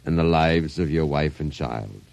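A sinister doll-maker villain. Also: male voice, very deep voice, unhurried, vocal fry, darkish tone, no echo, exaggerated voice. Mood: menacing. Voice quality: silky, menacing, theatrical. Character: sinister male doll maker and blackmailer, smooth and scheming. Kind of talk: vintage radio drama acting.

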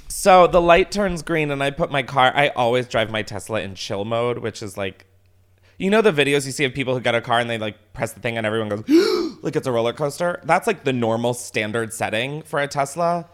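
A man casually telling a story as a podcast host, animated, swearing often and laughing as he talks. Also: medium pitch, a little fast.

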